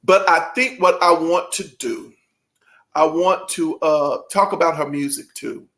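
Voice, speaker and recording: This channel host vlogs in a gravelly, fairly high voice, taking his time. He gushes with emotional excitement and speaks to his viewers directly in a folksy, casual chat.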